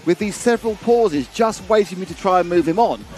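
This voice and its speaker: A man's voice: high voice, lively intonation, fairly quick, darkish tone. A man commentating a live race and telling long rambling stories with many restarts.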